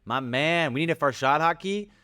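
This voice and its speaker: Energetic man chatting on a livestream. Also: a little high, normal speed, noisy background. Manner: energetic, rambling, greets chatters, sometimes yells. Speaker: livestream host. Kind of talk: casual livestream chat.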